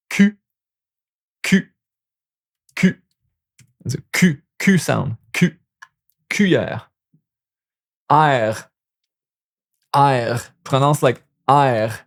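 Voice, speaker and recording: A man's voice: mid-range voice, takes it slowly, pauses often. A young man from Quebec with a Québécois French accent, a native French speaker teaching pronunciation in a casual spoken lesson, repeating each sound many times. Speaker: language teacher.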